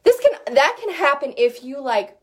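A woman's voice: high-pitched, very animated, normal speed. Chatty woman vocal coach. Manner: chatty, lots of fillers, sings short demo notes. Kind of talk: casual teaching chat.

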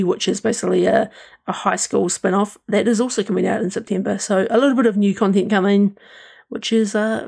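Gravelly-voiced New man co-hosting. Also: sits high. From New Zealand. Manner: relaxed, rambling with fillers and restarts. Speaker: podcast co-host. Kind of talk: casual chat.

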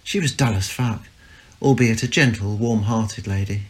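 A man reading a short story aloud in a steady, even narrating voice. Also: on the low side, normal speed. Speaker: story reader.

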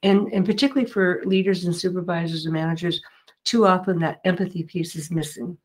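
A middle-aged woman speaks as an interview guest, explaining her work in an earnest, patient way. Her voice sits on the lower side. She pauses often with fillers and starts over mid-sentence. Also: fairly even intonation, darkish tone. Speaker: mediator and guest. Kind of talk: interview answers.

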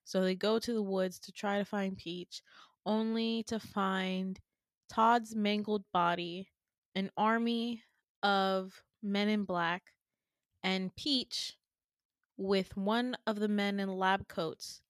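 Animated young woman retelling a dream. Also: mid-range voice, slow, no echo, clean studio sound. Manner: animated, swearing, laughing asides. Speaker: podcast host. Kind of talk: casual storytelling.

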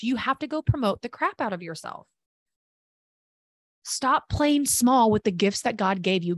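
A woman's voice: a little high, no room sound. A woman hosting a podcast, giving a fervent, preachy motivational monologue with tough love and talk of faith. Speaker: podcast host and business coach.

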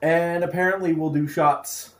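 Man, relaxed news chatter, roomy echo on the voice. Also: on the high side, moderate pace. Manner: easygoing, laughs along, trails off. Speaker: podcast co-host. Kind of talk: casual news chat.

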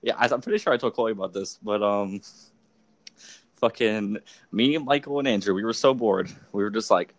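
A man's voice: fairly low pitch, moderate pace, no room sound. A young man hosting a casual podcast, telling stories animatedly with frequent laughter. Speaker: podcast host. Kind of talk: casual storytelling chat.

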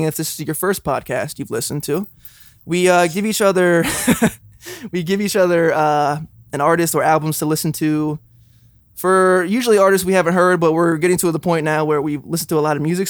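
A man's voice: a little high, brisk, no room sound, studio quality. A young man co-hosting a casual podcast, telling a story and acting out both sides of the exchange. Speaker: podcast co-host. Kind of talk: casual chat.

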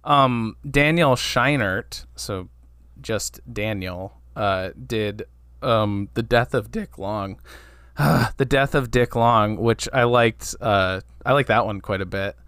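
A man co-hosting a podcast in casual chat, halting and restarting his sentences often. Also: lowish voice, fairly bright tone, clear, resonant tone, no room sound, studio quality. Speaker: podcast co-host.

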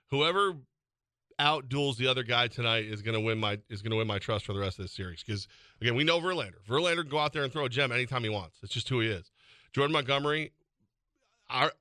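A man in his forties co-hosting sports talk radio, his voice bright and forceful, dry and close to the studio mic. He spins animated, teasing stories in loose, chatty banter. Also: medium pitch, dry recording. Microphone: studio microphone.

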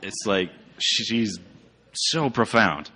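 A man with a fairly low voice gives a relaxed, rambling church talk. He speaks loosely and conversationally, full of fillers and restarts. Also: drawn-out words, husky. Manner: chatty, rambling, with many fillers. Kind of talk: casual sermon with slides.

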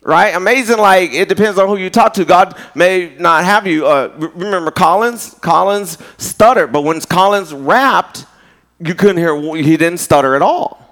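A man preaching a sermon, his voice sitting a little higher than most men's. He talks in a loose, conversational way, full of folksy asides. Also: normal speed, fairly bright tone. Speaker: pastor.

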